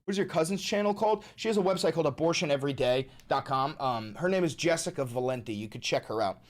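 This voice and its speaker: Male livestreamer, casual and profane, repeats lines for emphasis, very animated pitch. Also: quick pace. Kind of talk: casual livestream chat, reading chat.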